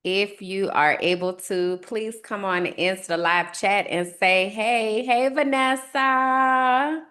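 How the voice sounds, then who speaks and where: An upbeat, chatty woman hosts her podcast live and greets viewers as they arrive. Her voice sits a bit low. She speaks at an unhurried pace. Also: fairly even intonation, a bit bright. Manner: upbeat, chatty, greets the chat, says y'all. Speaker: podcast host on a livestream. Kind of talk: casual live-stream chat.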